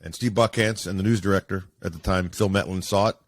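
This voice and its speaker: A man, a sportscaster, telling stories casually as an interview guest in an animated way with many fillers. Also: deep voice, fast. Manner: animated, acts out quoted voices, many fillers.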